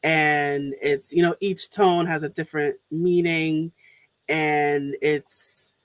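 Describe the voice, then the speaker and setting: A woman's voice: sits low, steady tone, slow pace, no room sound. A woman hosting a podcast interview, chatting casually with frequent laughs and restarts. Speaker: podcast host.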